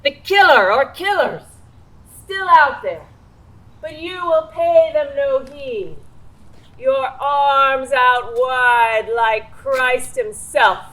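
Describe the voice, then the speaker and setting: An actress in a stage play playing a cold, scheming, power-hungry mother who speaks in a slow, commanding, controlled way. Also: sits high, bright, forceful tone, full character voice, low-quality recording. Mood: instructing. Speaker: stage actor.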